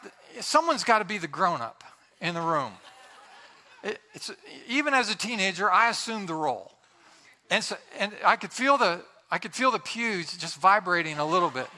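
A middle-aged man preaching, telling a funny church story in an animated way, laughing as he goes. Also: high-pitched. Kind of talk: sermon with a humorous story.

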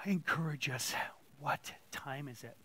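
A man's voice: on the high side, unhurried, bright, forceful tone. A man preaching an informal sermon as a church elder, blunt and conversational, slipping into quoted voices. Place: church room with audience.

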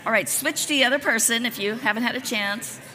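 A woman pastor preaching a sermon in a conversational, lively way, with casual asides. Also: fairly high pitch, fairly quick.

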